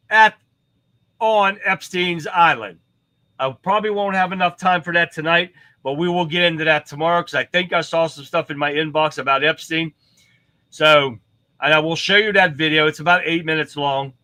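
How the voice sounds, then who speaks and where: A man's voice: on the high side, sharp tone, dry recording. A man hosting a live political commentary stream, reading headlines aloud and reacting bluntly with plenty of profanity. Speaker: livestream host.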